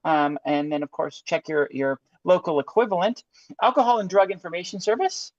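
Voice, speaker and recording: A woman's voice: fairly low pitch, brisk, a little mellow, no echo. A woman hosting a comedy show who reads a safety flyer aloud, stopping and starting with fillers as she goes. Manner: stops and starts while reading aloud, with fillers. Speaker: host. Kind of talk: comedic read-through of a flyer. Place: studio with green screen. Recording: dull lo-fi audio.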